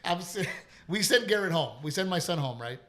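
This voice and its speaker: Animated, laughing podcast host. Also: male voice, high-pitched, fairly quick. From Texas. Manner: animated storyteller, laughs often, swears. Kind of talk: casual chat.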